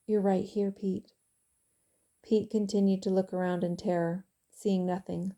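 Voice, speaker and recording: Woman with a dark gravelly voice reading her novel. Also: on the low side. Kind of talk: audiobook narration.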